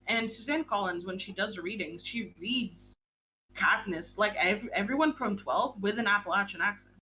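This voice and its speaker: A young woman hosting a book club stream in casual chat, talking in a quick, gushing way and swearing casually. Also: mid-range voice, bright, forceful tone, slight background noise.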